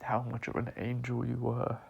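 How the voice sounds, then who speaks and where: A man crying as he talks through an apology, halting and choked, with long pauses, sighs and breathy half-whispered words. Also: medium pitch, completely flat delivery, highs cut off. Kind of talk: tearful personal apology monologue.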